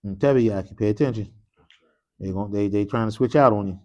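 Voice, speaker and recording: A man's voice: lowish voice, racing, a little mellow, muffled recording. A man teaching an Arabic class. He drills students call-and-response style, mixing English with short Arabic phrases and quizzing the class with repeated "what?" prompts. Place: mosque classroom.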